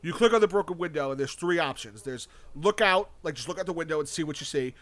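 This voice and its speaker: A young man with a somewhat high-pitched voice talks in a loose, rambling way. He piles on "like" and starts sentences over and over. He swears casually and stays eager throughout. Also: lively intonation, fast talker, fairly bright tone, no room sound. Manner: rambling, filler-heavy, with frequent restarts and casual swearing; enthusiastic about a video game. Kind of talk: casual chat.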